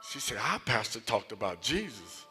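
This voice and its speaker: A man preaching a sermon and telling personal stories, moving between loud emphatic passages and hushed near-whispers. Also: on the low side, very animated, normal speed, soft background music. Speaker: associate minister. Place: church sanctuary.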